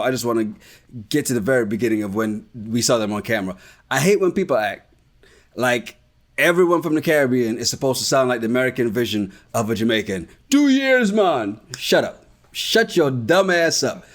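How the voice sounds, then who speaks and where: A man's voice: mid-range voice, fast. A man hosting a podcast and recapping a reality show in a casual chat, ranting and swearing. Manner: animated, ranting, profane. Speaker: podcast host.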